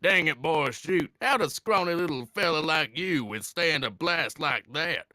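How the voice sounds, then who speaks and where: A man's voice: on the high side, lively intonation, measured pace, bright, forceful tone, no echo, clean studio sound, pitched above the performer's own voice. A man putting on a blustering Southern US android. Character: brash over-the-top male android, blustering.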